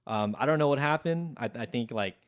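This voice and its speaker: This young adult podcast guest has a medium-pitched voice and talks fairly quickly, telling a rambling story in casual chat. He swears freely and acts out other people's lines. The sound is dry and clean, studio-grade.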